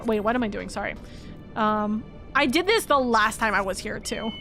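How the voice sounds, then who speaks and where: A woman's voice: a little high, normal speed, bright, forceful tone. A woman game streamer in casual chat, rambling dramatically and repeating herself, with faint game music behind her.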